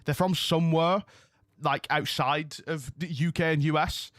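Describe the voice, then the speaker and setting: A man's voice: a little high, steady tone, a little slow, a bit bright, no echo, clean studio sound. Rambling man streaming casually. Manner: rambling and chatty, loses his train of thought. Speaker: streamer hosting a wrestling watch-along. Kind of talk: casual live-stream chat. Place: home room.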